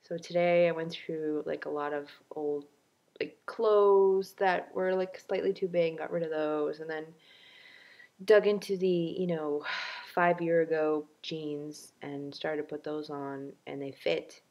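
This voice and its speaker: A woman's voice: sits low, steady tone, unhurried, a little mellow, lo-fi sound. Chatty, self-mocking woman vlogger. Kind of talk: casual video diary.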